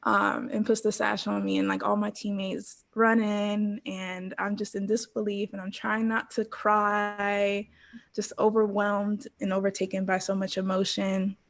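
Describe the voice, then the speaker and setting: A woman in her thirties, a guest on an interview podcast, telling her story in an animated way full of "like" and quoted thoughts. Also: medium pitch, measured pace, vocal fry. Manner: animated storyteller, quoting herself, frequent "like" and laughs. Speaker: interview guest, former pro cheerleader.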